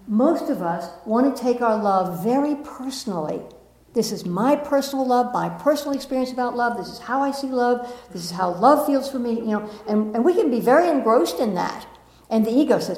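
Woman teacher doing a soft spiritual talk to a room of people, kinda high voice, chuckles a lot, asks "you understand?", echoey. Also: moderate pace. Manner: gentle and reflective, laughs often at herself; checks in with the audience by asking questions. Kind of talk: spiritual talk to a live audience. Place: room with a live audience.

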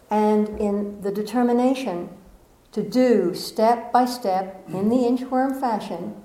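Woman motivational speaker, higher voice, animated storyteller, roomy echoey sound. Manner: storytelling, animated, playful asides. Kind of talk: inspirational talk to a live audience. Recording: echoey room.

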